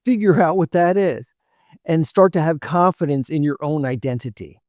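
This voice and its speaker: A man's voice: fairly high pitch, moderate pace, darkish tone, dry recording, clean studio sound. A man hosting a dating advice show, lecturing bluntly and sometimes acting out what women say, with short laughs between points. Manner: blunt, lectures directly, acts out women's lines. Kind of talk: opinionated monologue to camera.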